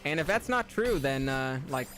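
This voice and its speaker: A man with a slightly higher voice streams a platformer, chatting loosely with his viewers. He reads their messages out loud and keeps bursting into loud, high laughter, while faint music plays behind him. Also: big pitch swings, normal speed. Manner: reads chat aloud and reacts with loud, high laughing outbursts. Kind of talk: live game stream chat.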